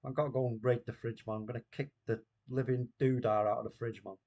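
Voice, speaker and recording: A man's voice: medium pitch, level tone, fast, a little mellow, muffled recording. A man hosting a casual live watchalong stream, bantering, reading the chat aloud, and laughing often. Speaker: watchalong host.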